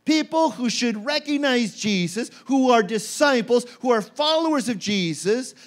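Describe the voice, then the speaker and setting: High-voiced animated male preacher. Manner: animated, acts out quoted voices with rising pitch. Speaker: pastor. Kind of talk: sermon. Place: church.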